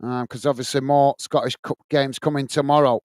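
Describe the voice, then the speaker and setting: Here the British watch-along host has a mid-range, steady, darkish voice, speaking fairly quickly with no room sound. He commentates on the football live and reads viewers' chat, often calling them mate and leaning on plenty of fillers.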